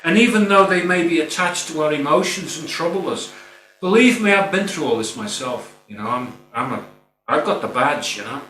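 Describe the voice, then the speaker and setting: A man's voice: a little high, expressive, normal speed, pushed and bright. A middle-aged man giving an earnest, informal spiritual talk, rambling a little and often saying "you know". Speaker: spiritual speaker. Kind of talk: spoken reflective talk. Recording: roomy, distant mic with faint hum.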